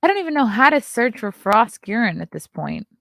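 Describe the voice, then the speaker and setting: A woman's voice: on the high side, sing-song, brisk, vocal fry, fairly bright tone, no room sound, studio quality. A woman hosting a casual morning livestream, chatting and reading headlines aloud with sarcastic asides, sometimes dropping to a whisper. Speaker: host of a morning livestream show.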